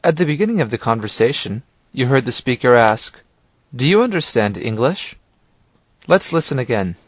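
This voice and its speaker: Calm male language-course narrator. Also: medium pitch, normal speed, no echo. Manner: calm, clear and guiding, prompts the listener. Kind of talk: scripted instructional narration.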